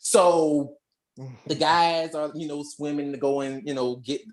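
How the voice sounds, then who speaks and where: A podcast co-host recapping a movie in a lively, slangy, storytelling way. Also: medium pitch, a little slow. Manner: animated, slangy storytelling with acted-out quotes. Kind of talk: casual movie review chat.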